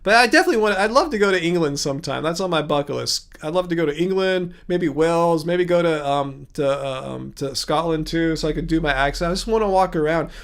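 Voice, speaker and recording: A man's voice: fairly high pitch, fast talker, few pauses. A man hosting a casual livestream, answering viewer comments in a rambling way with frequent restarts and chuckles. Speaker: livestream host.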